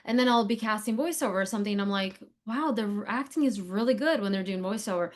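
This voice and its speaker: A woman's voice: medium pitch, fast talker. A woman guest on an interview podcast, a casting director, talking in a chatty, digressive way with lots of fillers. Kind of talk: casual interview conversation.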